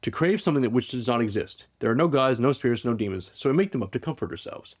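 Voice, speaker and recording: A man putting on a brooding male artist who muses slowly about belief. The voice is a little raised and drawn out. Around it, the man talks in quick podcast chatter. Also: mid-range voice, expressive, close to an everyday voice.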